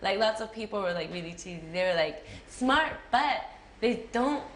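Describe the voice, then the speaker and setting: A woman's voice: mid-range voice, expressive, moderate pace, fairly bright tone. A young woman with a Japanese accent answering interview questions in a casual, chatty way, full of fillers and giggles. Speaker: interviewee, actress. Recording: echoey room with faint noise.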